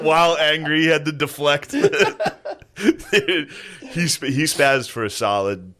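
A man's voice: a little high, slow. A young man hosting a casual chat, telling family stories with lots of swearing and frequent laughter. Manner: animated storytelling, profane, laughs often. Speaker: podcast co-host.

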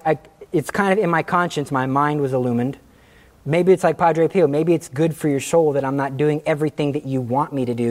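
Animated, storytelling male teacher. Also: fairly high pitch. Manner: animated storytelling, laughs at own jokes, acts out quotes. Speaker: religion class teacher. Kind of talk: anecdotal classroom talk.

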